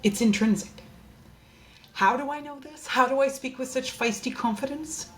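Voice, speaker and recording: A woman's voice: high-pitched, normal speed, a little hiss or hum. A woman hosting a candid personal monologue from her desk, speaking in an earnest, open and heartfelt way. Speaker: host.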